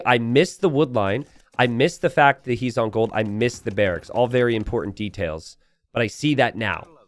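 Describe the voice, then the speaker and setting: A young adult man giving casual, chatty commentary over a strategy game replay, telling the story with plenty of "uh" fillers. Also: medium pitch.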